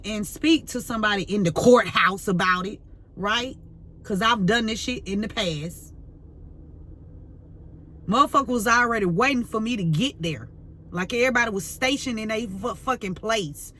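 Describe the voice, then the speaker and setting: A woman's voice: a little high, a bit bright, slight background noise. A woman tarot reader ranting to camera, fiery and profane, full of slang and repeating herself as she vents. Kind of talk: heated unscripted rant to camera.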